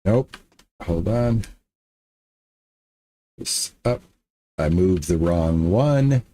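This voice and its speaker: Man, gaming streamer, slow and lively-pitched, chatty self-talk while he builds. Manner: talks to himself while building, frustrated muttering and repeats. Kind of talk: casual let's-play commentary.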